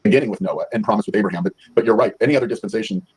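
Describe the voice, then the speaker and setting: A man in a casual livestream discussion who explains ideas quickly and agrees easily with the others. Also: on the low side, darkish tone, slightly rough, poor audio.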